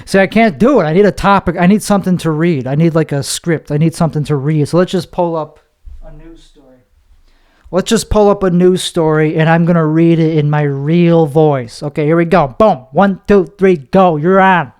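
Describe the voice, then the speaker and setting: Fairly high-pitched and a little fast, this young podcast host and comedian has a clear, resonant, slightly mellow tone. He rambles through a confessional monologue, cursing, making fun of himself, and slipping into put-on voices.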